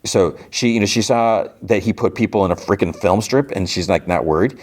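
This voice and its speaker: A podcast host with a lowish, darkish voice recaps an episode at a brisk clip. He talks casually and rambles, full of fillers and restarts.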